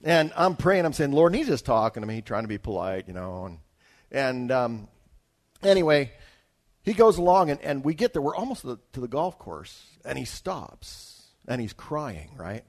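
A man's voice: medium pitch, big pitch swings, normal speed. A man from Alaska, a traveling evangelist, telling a personal testimony story in a conversational way, with restarts and asides to his listeners. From Alaska, United States.

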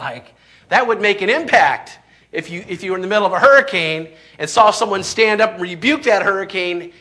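A man's voice: high-pitched, bright, forceful tone. A pastor delivering a sermon, preaching emphatically, reading scripture aloud and often restarting his sentences.

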